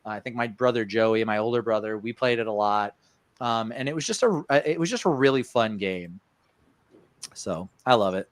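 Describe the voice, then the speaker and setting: A man's voice: lowish voice, animated, moderate pace, dry recording. A man co-hosting a casual podcast, talking about games with lots of ums and uhs. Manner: rambling with many ums and uhs. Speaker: podcast co-host. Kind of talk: casual chat.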